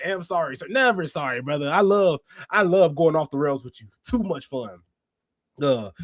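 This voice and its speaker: A man hosting a wrestling review podcast, chatting casually and slangily, reading out chat comments and bursting into laughs and shouts. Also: a little high, no room sound. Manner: excitable, laughs often and breaks into shouts; slangy, talks straight to chat readers. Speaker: podcast host.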